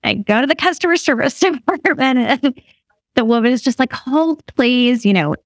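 Speaking at normal speed in a voice that sits high, a woman in her fifties shares a story as a guest in casual conversation. She laughs a lot and performs others' lines with animation. The recording is dry and studio quality.

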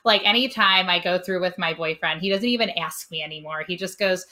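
A woman host from Cincinnati, chatting in a casual interview, effusive and quick to laugh, getting loud when excited. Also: fairly low pitch. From Cincinnati, Ohio. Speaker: podcast host.

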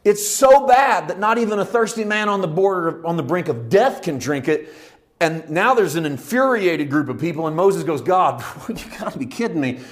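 A man teaching a Bible study in a lively, conversational way, often laughing and acting out the people in the story. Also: high voice, moderate pace. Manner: lively, laughs often, acts out quoted lines.

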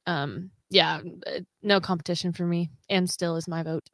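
A woman with a fairly low voice, chatting as a podcast guest over a video call. She sounds easygoing and agreeable, her voice dry and close. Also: steady tone, normal speed, no room sound. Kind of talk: casual chat on a video call.

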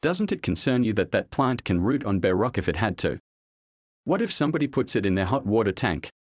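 Jack, a worried, sardonic friend, mutters his doubts in a storybook reading, voiced by a male narrator. The pitch moves a lot and the sound is dry and close. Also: sing-song, a little fast, no echo. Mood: grim. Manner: muttering, gloomy. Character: wary sardonic man, Jack.

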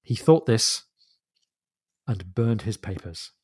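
A man co-hosting a book discussion podcast, explaining literary references with quiet enthusiasm. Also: fairly low pitch, expressive, takes it slowly, husky, dry recording, clean studio sound. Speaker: podcast co-host.

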